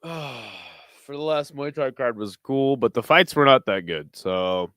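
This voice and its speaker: A man's voice: medium pitch, expressive, slow, a bit bright, no echo, clean studio sound. A tired man casually commentating a fight stream, joking and swearing as he greets viewers in chat. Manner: laid-back, profane, jokey asides to chat. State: tired, burping. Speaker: livestream fight watch-along host.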